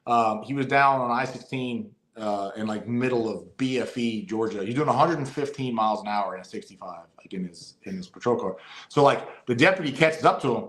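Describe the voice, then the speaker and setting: A man's voice: mid-range voice, brisk, a bit bright. A man who is a police officer, talking in casual podcast chat and often repeating phrases as he builds a point. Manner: frequent agreeing interjections, repeats phrases. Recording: echoey room.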